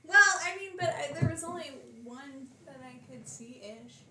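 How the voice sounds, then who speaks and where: A woman slightly high in pitch plays her turn in a tabletop game, speaking slowly and hesitantly, letting her sentences trail off. Her voice carries an echo from the room, with a faint hiss behind it. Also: animated. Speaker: player. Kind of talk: tabletop role-play chat. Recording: echoey room, faint noise.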